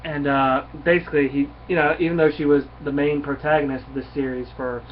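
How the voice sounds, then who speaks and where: A man's voice: fairly high pitch, little pitch movement, a little fast. A man casually reviewing a comic book, retelling the plot in a rambling way with fillers and restarts, on a dull lo-fi recording. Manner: rambling, many fillers and restarts, reads dialogue aloud. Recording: dull lo-fi recording with faint hiss.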